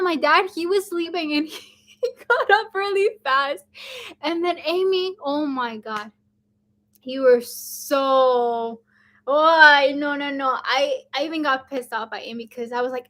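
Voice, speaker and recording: Chatty young woman, high voice. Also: moderate pace, fairly bright tone. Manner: chatty, many fillers like "like" and "um". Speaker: vlogger. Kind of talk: casual storytelling to camera.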